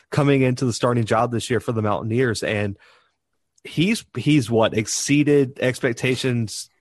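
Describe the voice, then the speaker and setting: A man co-hosting a sports podcast, chatting casually in an animated, teasing way and laughing often. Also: mid-range voice, no room sound. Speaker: podcast co-host.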